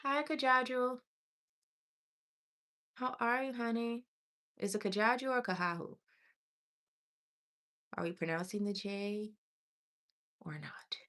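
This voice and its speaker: A woman's voice: fairly high pitch, bright, forceful tone. Chatty woman reading tarot live. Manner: chatty and affectionate, calls viewers honey and sweetie; reads chat aloud while scrolling, with pauses and restarts. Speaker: tarot reader on a livestream.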